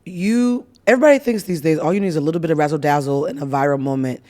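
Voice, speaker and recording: Fast-talking high-voiced male host. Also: dark tone. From US East Coast. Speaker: podcast host. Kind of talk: casual chat.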